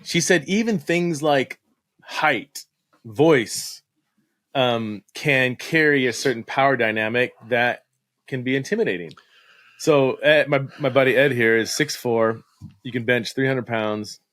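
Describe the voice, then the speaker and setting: A man hosting a podcast, chatty and quick to laugh, asking rambling questions in a casual conversation in a home basement. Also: medium pitch, fairly bright tone, dry recording. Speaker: podcast host.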